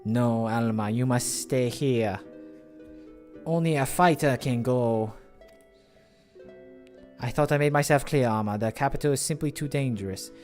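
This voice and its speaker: Dude doing a bossy young noble, slow and firm, mid voice, bit of music under it. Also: male voice, medium pitch, a little mellow, natural voice.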